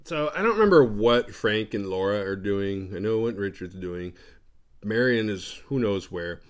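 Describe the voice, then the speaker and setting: A man's voice: lowish voice, lively intonation, moderate pace, smooth. A young man recapping a horror movie in a casual, crude, joking way and acting out the characters' lines. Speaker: movie podcast host.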